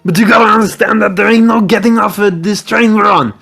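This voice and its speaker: A man's voice: sits high, steady tone, a little fast, vocal fry, pushed and bright, soft background music, full character voice. A man voicing a hot-tempered burly rebel leader in a fan-voiced game playthrough, blunt and cursing. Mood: angry. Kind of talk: fan voice acting over a game.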